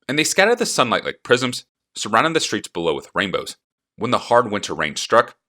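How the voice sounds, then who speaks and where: A man reading an audiobook with expressive, animated storytelling. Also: low-pitched. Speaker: narrator.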